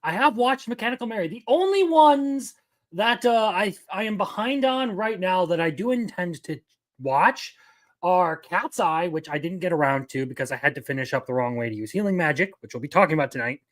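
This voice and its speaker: A man hosting a casual livestream, chatting with viewers and swearing loudly between laughs. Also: sits high, expressive, brisk. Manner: profane, loud outbursts and laughter. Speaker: livestream host.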